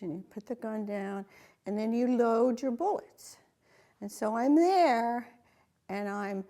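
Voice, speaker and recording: Woman vet telling a story, bit of fry in her voice, acts out her reactions. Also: medium pitch, a little mellow. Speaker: Navy veteran. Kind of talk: storytelling interview.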